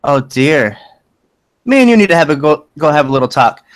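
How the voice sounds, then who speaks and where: A tiny, formidable gnome mother with a higher, lifted voice and a brisk, bossy cluck, as a man puts her on for a tabletop game. She dotes and fusses in a motherly way, pushing her words out with energy. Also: very animated. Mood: fussing. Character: fussy doting gnome mother, small and formidable.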